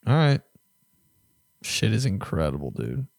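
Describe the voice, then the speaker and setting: A man's voice: on the low side, measured pace, slightly rough, no room sound, clean studio sound. A young man hosting a podcast, ranting casually with lots of swearing and mock voices. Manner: profane, animated, mock voices. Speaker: podcast host. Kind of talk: casual rant.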